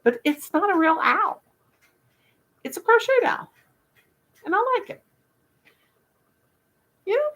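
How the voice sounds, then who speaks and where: A woman's voice: very high voice, very animated, takes it slowly, pauses often, fairly bright tone. An older woman, hosting a casual livestream chat with viewers, folksy and self-mocking, laughing at her own jokes. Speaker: livestream host.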